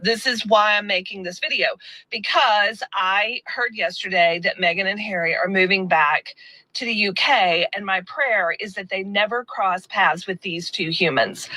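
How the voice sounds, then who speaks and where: A woman from the United States telling a travel story in a chatty, frank, animated way. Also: medium pitch, low-quality recording. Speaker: storyteller in a clip. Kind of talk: casual storytelling.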